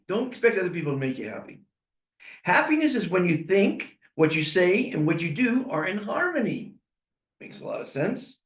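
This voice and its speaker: A man's voice: mid-range voice, roomy sound. A man hosting a podcast, talking in an upbeat, rambling way and reading out inspirational quotes. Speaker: podcast host. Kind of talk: podcast monologue.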